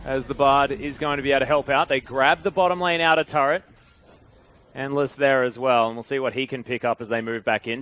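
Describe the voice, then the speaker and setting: A man calling an esports match play-by-play, swinging from relaxed chatter to loud, fast calls in big fights. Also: mid-range voice. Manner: excitable, rising loud and fast in big plays. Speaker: esports commentator.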